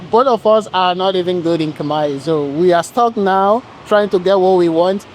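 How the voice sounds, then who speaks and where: Male interviewer, pauses and fillers, fairly high pitch. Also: a little hiss or hum, rough recording. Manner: halting, many filler pauses. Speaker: interviewer and host. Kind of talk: casual interview.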